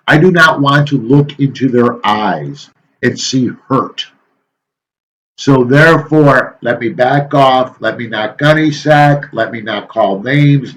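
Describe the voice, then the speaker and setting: A male teacher gives his students a casual, folksy lecture, rambling a little with frequent pauses and filler sounds. His mid-range voice is a bit bright, and the recording sounds muffled.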